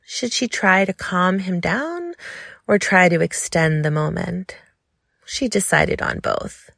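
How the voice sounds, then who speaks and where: Woman, audiobook narrator, sensual story, slow measured reading, gravelly, dry close sound. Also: on the low side, fairly bright tone, dry recording.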